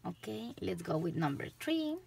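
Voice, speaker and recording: A woman's voice: on the low side, sing-song, normal speed, gravelly, a little mellow, a little hiss or hum. A woman with a Spanish accent giving a tarot reading to camera, chatting loosely and laughing often. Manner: giggly, chatty, loose rambling. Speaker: tarot reader.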